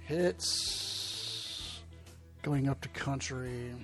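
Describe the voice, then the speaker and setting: A man's voice: mid-range voice, very slow, over music. A man hosting a radio show, joking in profane, laid-back banter. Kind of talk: casual podcast banter.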